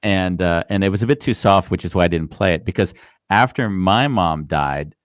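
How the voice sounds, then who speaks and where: Chatty low-voiced male host. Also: moderate pace, no room sound, studio quality. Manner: chatty, rambling, many fillers. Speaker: podcast host. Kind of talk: live casual interview.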